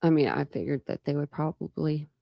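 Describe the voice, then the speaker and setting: Her voice is deep and gravelly, with lively intonation and a brisk delivery, heard in lo-fi sound without echo. She runs a true crime livestream, rambling chattily with her viewers and filling her talk with fillers and false starts.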